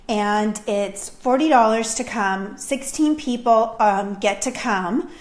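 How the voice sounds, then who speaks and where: A woman hosting a casual live stream as a spiritual medium, upbeat and chatty, with frequent ums as she greets viewers. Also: mid-range voice. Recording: echoey room.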